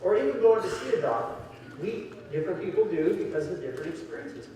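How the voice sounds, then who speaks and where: A man speaking to an audience in a lecture hall, weaving stories and acting out the people in them, his voice a little high for a man. He is picked up from a distance, with long reverb ringing around the big room and a faint hum of ambience. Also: big pitch swings, quick pace, warm tone. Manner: storytelling with acted-out voices. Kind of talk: seminar talk to an audience. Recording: echoey hall, distant mic.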